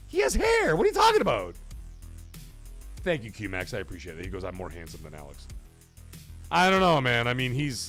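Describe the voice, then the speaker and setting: A man hosting a late-night gaming livestream, chatting loosely, swearing freely and reading out and thanking viewers from the chat. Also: lowish voice. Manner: animated, profane, thanks viewers and reads chat aloud. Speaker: livestream host.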